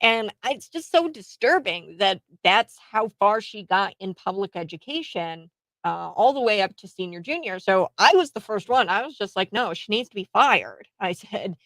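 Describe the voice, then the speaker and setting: A young woman talks through her political commentary in a loose, rambling way, often restarting her sentences and breaking into short laughs. Her voice sits at an ordinary middle pitch. The recording is dry and close, with no room sound. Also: expressive, normal speed, fairly bright tone, no room sound, poor audio.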